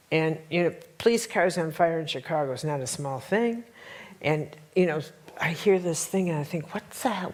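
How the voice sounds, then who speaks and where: A woman's voice: sits low, a little mellow. A middle-aged woman telling a dramatic story to a workshop audience, emphatic and full of repetitions. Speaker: workshop teacher.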